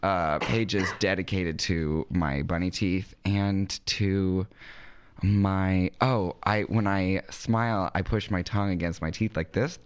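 A man with a slightly low voice, a drag performer guesting on a podcast. He tells his stories in a playful, self-mocking way, loose and casual. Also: fairly even intonation, slow, clear, resonant tone.

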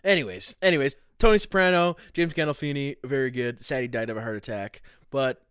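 Podcast co-host, male, bright tense tone, loose swearing chatter. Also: medium pitch, fairly quick, clean tone, no echo, clean studio sound. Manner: loud, profane, laughing banter. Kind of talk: casual chat.

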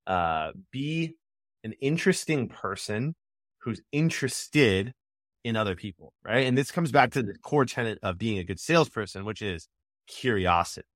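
Man, fairly low voice, lively podcast guest, dry close sound. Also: no room sound. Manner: energetic, acts out call snippets. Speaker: sales expert guest. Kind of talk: podcast interview answer.

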